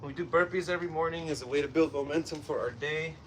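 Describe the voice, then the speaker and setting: A fitness livestream host with a Southern Californian accent runs a casual home workout, chatting with viewers while he exercises and scolding his puppy between sets. His voice is fairly high and fast, with a bit of hiss or hum.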